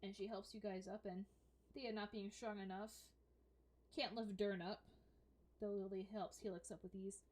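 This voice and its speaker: A woman's voice: mid-range voice, fairly even intonation, normal speed, pauses often, a little mellow. A woman narrating a tabletop game as dungeon master, casual and full of fillers.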